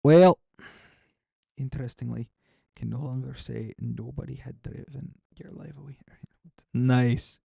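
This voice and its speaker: A man's voice: medium pitch, steady tone, measured pace, creaky, long pauses, dark tone, breathy edge, no echo, clean studio sound. A young man streaming a game, rambling casually and answering his chat as he signs off. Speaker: gaming streamer.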